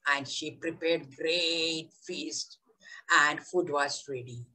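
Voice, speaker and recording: A woman teacher leads an online workshop on theatre in education over a video call, telling a story with enthusiasm and animation. Her voice is low and slow, and the recording is low quality.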